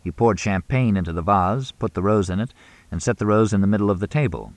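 Male audiobook narrator, measured, low and dry. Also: darkish tone, dry recording. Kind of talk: scripted narration.

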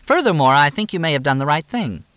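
A man's voice: fairly high pitch, sing-song, fast talker, fairly bright tone, clean tone, dry recording, pitched above the performer's own voice. A man voicing a chatty, needling woman police chief on the phone, sly and teasing.

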